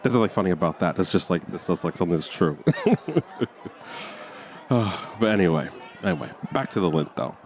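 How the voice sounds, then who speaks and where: A man's voice: sits low, animated, fast, few pauses. A man doing a rambling, mock-somber stand-up set, sighing between lines. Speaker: stand-up comedian. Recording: faint crowd and street noise.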